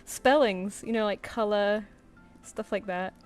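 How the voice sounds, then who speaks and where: A woman's voice: mid-range voice, a little slow, a little mellow, soft background music. Chatty woman drawing on stream. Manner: rambling, chatty, mutters to herself. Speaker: artist livestreamer. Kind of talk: casual chat while drawing. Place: home room.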